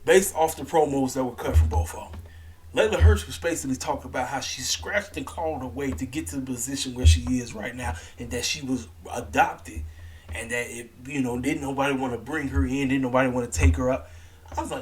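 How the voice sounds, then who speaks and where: A man's voice: mid-range voice, moderate pace. A man giving a casual, opinionated rant as a wrestling vlogger, blunt and repetitive with plenty of slang.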